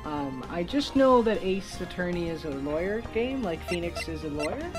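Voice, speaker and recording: A woman's voice: fairly low pitch, sing-song, normal speed, over music. A woman giving casual let's-play commentary, hesitant and full of fillers. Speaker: gamer.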